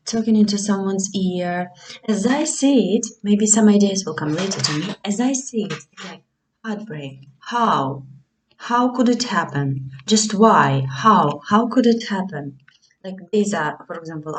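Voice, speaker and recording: Slow, musing woman reading tarot. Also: medium pitch, darkish tone, distant mic, poor audio. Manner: slow, musing, hesitant with many fillers. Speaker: tarot reader. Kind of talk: casual tarot reading to camera.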